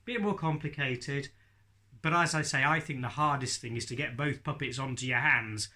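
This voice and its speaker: Bright-voiced male ventriloquism teacher. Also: medium pitch, normal speed. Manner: chatty, addresses viewers directly. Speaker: ventriloquism instructor. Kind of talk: friendly tutorial talk.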